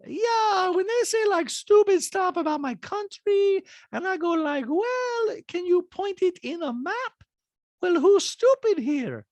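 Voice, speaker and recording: A man doing a loud, fierce woman with a put-on Bosnian accent, squealing high and drawing out words. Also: expressive, dry recording, dull audio, exaggerated voice. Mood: excited. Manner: high squealing, drawn-out shouting.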